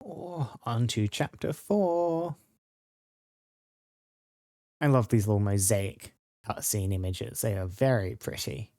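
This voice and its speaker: A man's voice: lowish voice, slow, pauses often, dark tone, dry recording. Man musing through a game playthrough. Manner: chatty, musing aloud while playing. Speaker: let's play host. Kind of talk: casual gameplay commentary.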